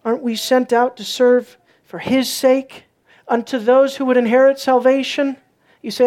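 A woman preaching a sermon, swinging from soft, low passages to loud, emphatic peaks. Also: a little slow.

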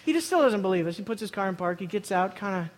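A man telling a funny personal story to a live audience, excitable, often laughing through his words and repeating himself as he goes. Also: high-pitched, fast. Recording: long hall reverb.

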